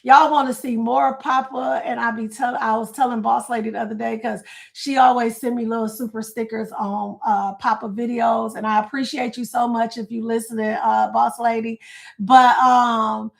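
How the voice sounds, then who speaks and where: A woman's voice: fairly high pitch, little pitch movement, moderate pace, gravelly. A middle-aged woman hosting a casual livestream, chatting, reading viewer comments aloud and laughing often. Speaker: livestream host.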